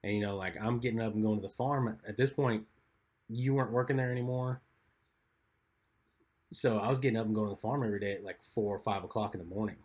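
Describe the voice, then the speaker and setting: A man's voice: fairly low pitch, quick pace, a little mellow. A man co-hosting a podcast, telling laid-back, teasing stories in casual chat. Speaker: podcast co-host.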